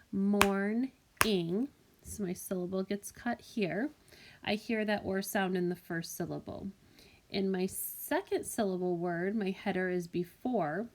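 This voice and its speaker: Woman, classroom teacher voice, gentle and clear, recorded on a tablet for young students. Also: medium pitch, background noise. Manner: gentle, clear teacher talk, clapping out syllables. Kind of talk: recorded phonics lesson for children. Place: voice-over for a whiteboard app. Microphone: tablet microphone.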